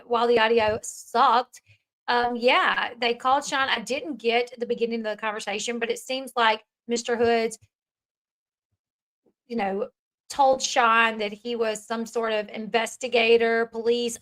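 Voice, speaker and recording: A woman's voice: on the high side, pushed and bright. A woman giving casual commentary on a clip, chatty and retelling what others said.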